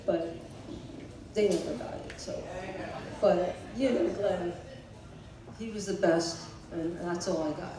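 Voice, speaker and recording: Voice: medium pitch, slow, long pauses, a crowd in the background. A person at a memorial concert giving a chatty spoken tribute, telling stories and chuckling between lines. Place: large hall with audience. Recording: echoey hall from far off, background noise.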